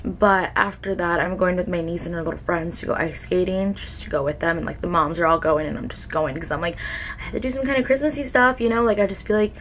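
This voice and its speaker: A young woman with a slightly low voice chats to her camera at home in a casual vlog. She talks with feeling and leans on "like" as a filler, with a faint hum of room noise behind her. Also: quick pace, few pauses. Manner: chatty, emotional, many "like" fillers. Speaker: beauty vlogger.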